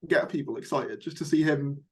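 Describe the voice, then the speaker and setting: A man's voice: fairly high pitch, fairly quick. A young man hosting a casual fan discussion, chatty and rambling with lots of fillers. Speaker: YouTube host.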